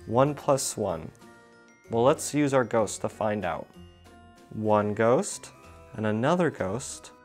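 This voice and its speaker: A man's voice: on the low side, lively intonation, slow, pauses often, soft background music. A man teaching toddlers a puzzle and simple sums, patient and encouraging, asking questions as he goes. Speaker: children's educator.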